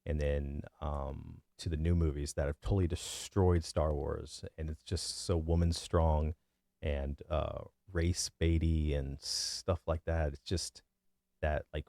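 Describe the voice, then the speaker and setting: A man in his thirties with a deep bass voice, giving his opinions in a casual, rambling monologue full of fillers and restarts. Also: creaky, mellow, no room sound, clean studio sound. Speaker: vlogger.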